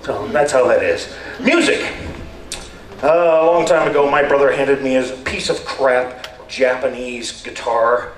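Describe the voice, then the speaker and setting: A man's voice: medium pitch, measured pace, slight background noise. Wry older man telling stories on stage. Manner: wry, deadpan, rambling. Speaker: stand-up performer. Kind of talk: stand-up storytelling. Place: stage at a community talent show. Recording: echoey hall, voice far from mic, faint ambience.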